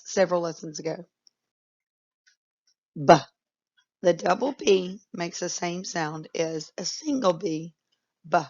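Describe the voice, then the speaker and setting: A woman's voice: fairly low pitch, highs cut off. A woman teacher giving a patient phonics lesson to young children, drawing out each word. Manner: patient, instructive, drawn-out words.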